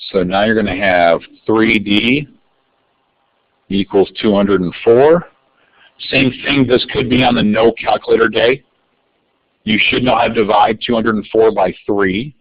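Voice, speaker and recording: A man's voice: mid-range voice, gravelly, no echo. A man teaching a live online algebra review lesson, calling on students by name in an upbeat way. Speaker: math teacher. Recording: dull lo-fi dry sound.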